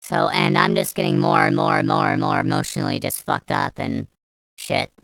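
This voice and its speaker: A woman's voice: low-pitched, fairly even intonation, moderate pace, gravelly, a bit bright, smooth. A young woman telling a story as a vlogger, ranting angrily and swearing a lot, rambling with restarts. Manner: angry, profane, rambling with restarts. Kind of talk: storytime rant.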